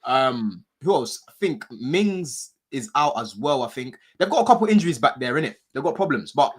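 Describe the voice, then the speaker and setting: Husky-voiced man, fan podcast co-host, blunt slangy football talk. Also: medium pitch, big pitch swings, normal speed. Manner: slangy, swearing, repeats phrases. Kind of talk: casual banter.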